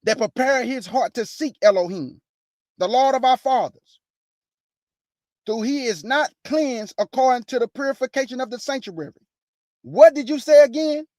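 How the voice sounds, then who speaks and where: A woman hosting an informal Bible teaching, reading verses slowly and firmly and breaking in with pointed rhetorical questions in a casual, plain-spoken way. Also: fairly high pitch, darkish tone, no echo, clean studio sound. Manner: casual, plain-spoken, addresses listeners as "y'all".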